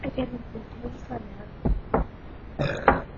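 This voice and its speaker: A woman's voice: fairly high pitch, monotone, takes it slowly. A young woman chatting casually with a friend on a vlog, giggly and playful. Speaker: vlog co-host. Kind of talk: casual chat. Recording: lo-fi home recording with loud noise.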